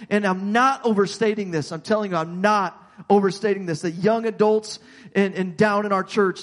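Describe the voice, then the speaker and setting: A man's voice: high voice, in a large hall. A man preaching a sermon as pastor, earnest, often repeating and restarting his words.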